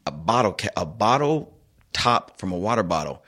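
A man and youth soccer coach chatting casually as co-host, telling a story with lively acted-out quotes. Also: on the low side, normal speed, slightly rough. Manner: animated storyteller, acts out quoted voices. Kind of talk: casual chat.

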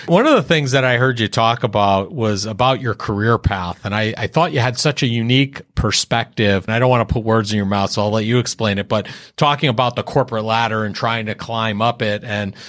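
A man's voice: on the low side, a little fast, hardly any pauses, a bit bright, no room sound, clean studio sound. A man hosting an interview, talking in a friendly, appreciative, loosely phrased way. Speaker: interview host. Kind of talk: conversational interview.

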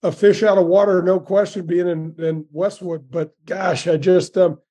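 A man's voice: sits high, fairly even intonation, normal speed, dark tone. A man in his sixties, a former pro golfer, telling stories as an interview guest in a folksy, enthusiastic way with lots of restarts. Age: 60s. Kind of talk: storytelling interview.

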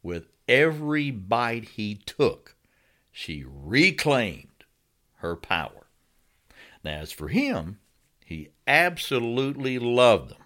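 A man co-hosting a podcast, telling stories wryly with dramatic pauses. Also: mid-range voice, sing-song, fairly bright tone. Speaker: podcast co-host. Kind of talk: casual chat and storytelling.

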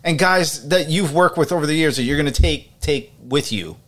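A man's voice: fairly high pitch, moderate pace. A man hosting a casual interview, friendly and familiar with his guest, openly emotional. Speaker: interviewer, host.

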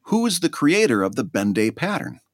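Lively laughing man, dry close mic. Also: a little fast, no room sound. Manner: laughs often, lively, hesitant when pitching ideas. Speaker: podcast co-host. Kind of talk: casual chat, hosting a quiz.

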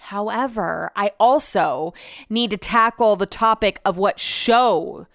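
A woman hosting a casual solo podcast, talking in an animated, chatty way and swearing freely. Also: medium pitch, slow pace, dry recording, clean studio sound. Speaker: podcast host.

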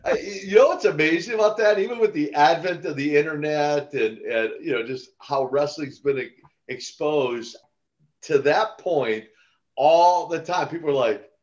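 An older man, a retired wrestler turned minister, telling stories in a casual podcast interview with lively chuckles and restarts. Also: a little high, moderate pace, lo-fi sound. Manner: animated, chuckling, with restarts and repeated words.

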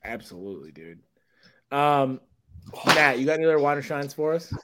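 A man co-hosting a podcast, telling stories in a joking, profane, animated way. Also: medium pitch, normal speed, background noise. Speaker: podcast co-host. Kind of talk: casual chat.

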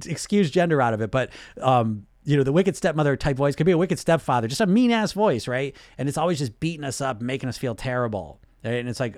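A man coaching on weight loss in a casual, animated way, acting out inner voices, laughing and swearing now and then. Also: mid-range voice, no echo, clean studio sound.

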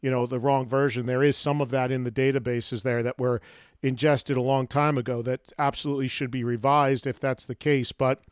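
A man hosting a podcast interview, animated and quick to laugh, thinking aloud with restarts. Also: medium pitch, clean tone, dry recording, clean studio sound. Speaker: podcast host. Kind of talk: interview conversation.

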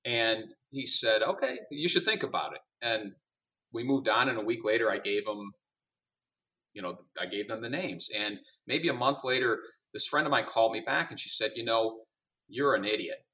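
Bright-voiced storytelling executive man. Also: on the low side, normal speed, distant mic, lo-fi sound. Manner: animated storyteller, acts out dialogue. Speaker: guest, company CEO. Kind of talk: storytelling in a podcast interview.

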